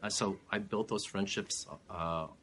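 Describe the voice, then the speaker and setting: A man with a very low, deep voice gives calm, measured interview answers, pausing often on "uh" as he builds his points. A faint room ambience sits quietly behind him. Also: a little hiss or hum. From California. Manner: measured, steady, with many "uh" fillers. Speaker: political candidate.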